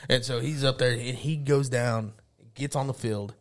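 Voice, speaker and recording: A man's voice: mid-range voice, fairly even intonation, moderate pace. A man from Oklahoma telling rambling, profane stories in a casual chat and laughing through them.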